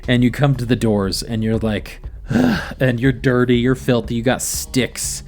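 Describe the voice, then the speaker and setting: A man's voice: mid-range voice, fairly even intonation, unhurried, a little mellow, soft background music. A man narrating as game master of a tabletop game, playful and vivid.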